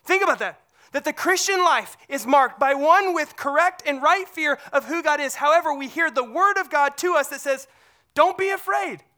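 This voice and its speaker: A pastor preaching a sermon, swinging between loud emphatic passages and hushed low ones, often repeating words as phrases restart. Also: normal speed.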